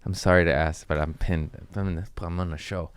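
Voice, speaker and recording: Low-voiced man rambling jokey stories. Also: fairly even intonation, a little fast, clear, resonant tone. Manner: loose, jokey, swearing, trailing asides. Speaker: podcast host. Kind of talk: casual rambling storytelling. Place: home.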